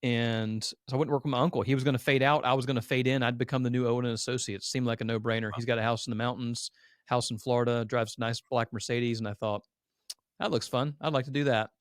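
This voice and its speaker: A man's voice: mid-range voice, little pitch movement, fast talker, clear, resonant tone, dry recording, studio quality. A man in his thirties, a podcast guest who owns an agency, telling his story candidly and earnestly, open about being a crier. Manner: earnest and emotional, a self-described crier.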